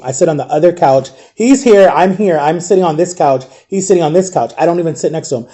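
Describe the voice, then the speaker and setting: A man in his thirties from Ohio, telling a personal story in a casual, rambling way and dropping to a near hush at the emotional moments. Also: a little high, quick pace. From Ohio, USA. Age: 30s. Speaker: vlogger.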